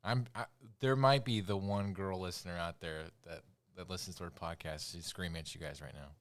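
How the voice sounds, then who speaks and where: A man's voice: sits low, brisk. A man co-hosting a casual podcast, running a trivia quiz and teasing the others with frequent laughs. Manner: teasing quizmaster, laughs often.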